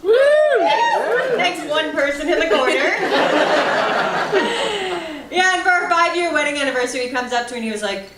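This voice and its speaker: A woman's voice: sits high, moderate pace, long pauses, very noisy. A young woman from Ireland doing stand-up in a comedy club, chatting with the crowd. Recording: echoey club from far off. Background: laughing audience.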